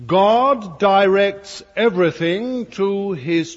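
A man's voice: high-pitched, big pitch swings, slow pace, husky. A man preaching a fervent sermon to a congregation, with emphatic asides to his listeners. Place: church hall before a congregation. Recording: dull, lo-fi recording with long hall reverb.

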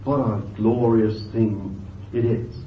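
A man preaching a sermon with fervent emphasis, moving between loud bursts and quiet asides, thinking aloud with restarts and "you see.". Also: fairly low pitch, steady tone, takes it slowly, distant mic, a little hiss or hum. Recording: dull, lo-fi, echoey and off-mic.

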